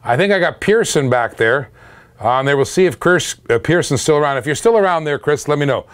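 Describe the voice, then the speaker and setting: A man's voice: on the high side, lively intonation, fairly quick. A middle-aged man hosting a live-stream auction, upbeat and chatty, hyping each lot and humming little scat tunes between bids. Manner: upbeat, hypes items, hums and scats between lots.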